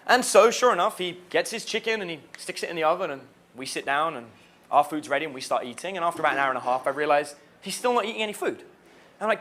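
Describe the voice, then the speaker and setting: Male dating coach, higher voice, lively storyteller. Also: fast. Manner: animated, laughs while telling anecdotes. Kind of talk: storytelling to camera.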